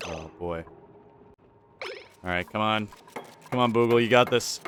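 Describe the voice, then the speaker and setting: A man's voice: on the low side, measured pace, noisy background. A man commentating his own video game play, rambling and repeating himself as things go wrong. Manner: frantic, rambling, often repeats himself under pressure. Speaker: gaming channel host.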